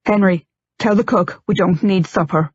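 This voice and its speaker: A woman voicing an impatient, scarred grown man who mutters low and gruff, in an audiobook. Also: moderate pace, darkish tone, no echo, lightly acted. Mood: commanding. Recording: dull lo-fi, dry.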